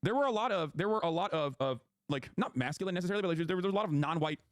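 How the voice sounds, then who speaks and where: Fast, high-voiced ranting male streamer. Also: dry recording, studio quality. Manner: animated ranting, profane. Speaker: streamer host. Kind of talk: casual stream chat.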